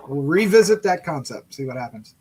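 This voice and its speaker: Male podcast host, somewhat high voice, friendly and easy, leads the group. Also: expressive, a little fast, darkish tone, breathy edge, rough recording. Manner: friendly, laughs often, leads the talk. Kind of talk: casual podcast chat.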